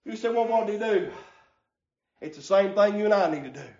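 A preacher whose voice sits very high, driving his sermon along with a gasped "hah" at the end of each phrase and breaking into shouts. The sound is dull and lo-fi, caught in an echoey church sanctuary. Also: expressive, a little fast. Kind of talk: revival preaching.

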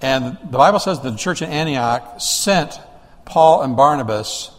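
A pastor with a mid-range voice preaches in a large hall, animated yet unhurried. His sermon feels conversational, full of rhetorical questions for the congregation and sentences he often restarts.

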